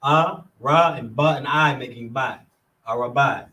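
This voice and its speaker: A man leads a class at an unhurried, deliberate pace, breaking each word into syllables and saying them over and over. His voice sits at an ordinary middle pitch, and he carries on patiently from one item to the next. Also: pushed and bright. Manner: slow, methodical, repeating syllables one by one. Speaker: class teacher. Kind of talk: classroom lesson.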